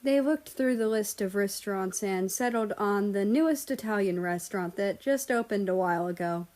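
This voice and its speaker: A woman narrating a fan fiction audiobook in a steady, even way. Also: medium pitch, moderate pace. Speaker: story reader.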